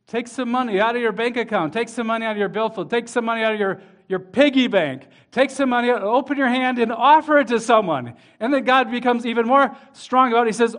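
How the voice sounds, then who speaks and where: A man's voice: sits high, fairly bright tone. A man preaching a sermon as pastor, reading scripture aloud and speaking to the children in the congregation with rising emphasis.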